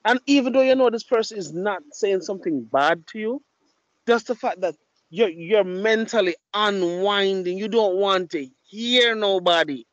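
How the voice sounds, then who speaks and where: A man's voice: high voice, normal speed, fairly bright tone, dry recording. A man tells blunt, profane stories as he hosts a casual podcast. His speech sounds dry and close, with no room around it. The mic is dull and lo-fi. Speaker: podcast host.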